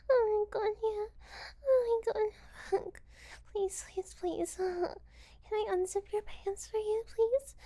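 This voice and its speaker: A young woman performing an intimate audio role-play as a gullible, eager, easily flustered young woman who giggles, stammers and slips into breathy whispers. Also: very high-pitched, dark tone.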